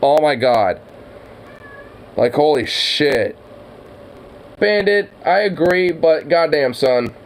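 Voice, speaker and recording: A man's voice: on the high side, animated, slow, pauses often, slight background noise, poor audio. A man reacting to a video in casual, profane commentary, ranting in exasperation. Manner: exasperated, ranting, swears a lot.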